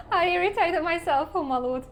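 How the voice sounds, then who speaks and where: A woman's voice: sits high, slight background noise. A woman from Switzerland, chatting casually and rambling to her live-stream viewers, often laughing at herself.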